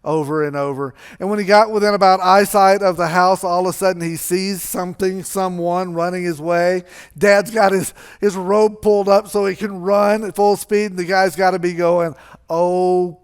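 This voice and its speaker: High, clear-voiced storytelling pastor. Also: male voice, steady tone, moderate pace. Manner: storytelling, conversational, acts out characters. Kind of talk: sermon.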